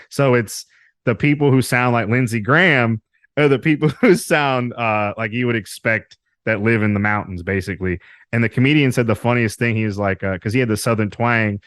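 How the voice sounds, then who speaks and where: A man's voice: mid-range voice, moderate pace, a bit bright, no echo, studio quality. A man from Alabama, a podcast guest chatting casually, rambling with frequent laughs and loose swearing. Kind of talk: casual interview chat.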